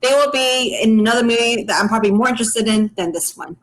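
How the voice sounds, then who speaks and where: Easygoing female co-host, slightly high voice, unhurried and hesitant. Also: poor audio. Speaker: podcast co-host reviewing trailers. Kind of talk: casual chat.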